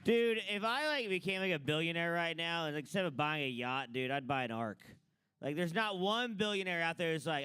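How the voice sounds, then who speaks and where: A man's voice: on the high side, expressive, fairly quick, sharp tone, clear, resonant tone, no echo. A man hosting an open mic and doing stand-up, talking in a loose, rambling way full of fillers. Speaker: open mic host and comic. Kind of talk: stand-up comedy.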